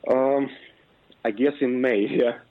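Young male caller, Russian accent, hesitant and halting; muffled phone-line sound. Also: medium pitch, fairly even intonation. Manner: hesitant, filler-heavy, searching for words. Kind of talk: phone-in chat.

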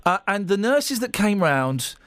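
A man's voice: high-pitched, big pitch swings, measured pace, a bit bright, dry recording. A man hosting a radio show in a casual, rambling, emotional way. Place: radio studio.

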